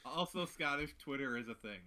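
A man's voice: mid-range voice, lively intonation, fairly quick, bright, forceful tone. A man, a guest on a casual podcast, talking hesitantly with many restarts and jokes. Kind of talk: casual chat.

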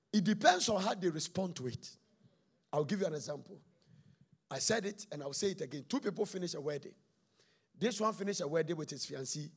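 A man preaches on marriage with a high, raspy voice. He tells stories dramatically, acting out both sides of a quarrel, and swings from near-whispers to shouting. His tone has a husky, gravelly edge. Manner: dramatic storytelling, swings from hushed to shouting, acts out dialogue. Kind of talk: sermon on marriage.

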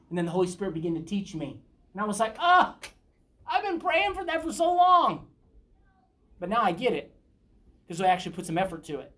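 A middle-aged woman with a fairly low voice leads a Bible study. She preaches earnestly but conversationally and keeps checking in with her listeners through questions.

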